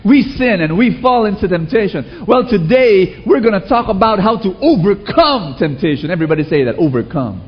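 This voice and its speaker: The preacher's high voice runs at normal speed with barely a pause, and the audio is dull. He leads the congregation in call-and-response, telling stories animatedly and asking rhetorical questions.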